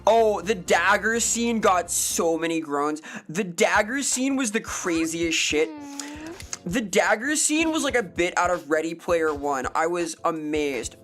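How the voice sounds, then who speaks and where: A woman's voice: lowish voice, lively intonation, measured pace, a bit bright, soft background music. Ranting, profane woman streamer. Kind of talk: casual live-stream chat answering viewers.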